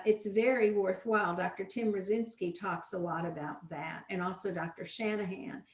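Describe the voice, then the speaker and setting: A woman speaks as a guest educator, walking through her methods in a plain conversational way. She drives her key points home with repetition. Her voice carries a noticeable roomy echo. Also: mid-range voice. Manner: explanatory, emphatic with repetition. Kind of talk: conversational teaching talk.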